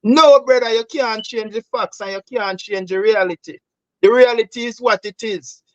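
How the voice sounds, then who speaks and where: A Jamaican man hosts a political talk show, delivering heated commentary in patois-laced English and often calling listeners "bro." His voice sits high at normal speed, and the lo-fi recording has no echo.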